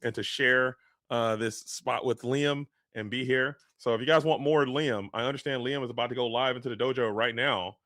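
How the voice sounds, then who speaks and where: A man's voice: medium pitch, steady tone, normal speed, fairly bright tone, no room sound, studio quality. A man casting a live card game match, talking through the plays at length, tired from a long day of travel. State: travel-fatigued. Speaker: esports caster.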